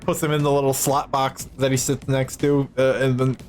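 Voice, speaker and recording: A man narrating as game master of a tabletop game, relaxed, with frequent stammered restarts. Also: mid-range voice, moderate pace, soft background music. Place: home streaming setup.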